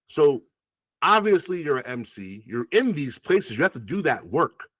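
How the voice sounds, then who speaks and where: A man's voice: a little high, normal speed, dry recording. A man, a rapper, casually telling stories as an interview guest, swearing freely and acting out past conversations. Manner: animated, profane, acts out past conversations.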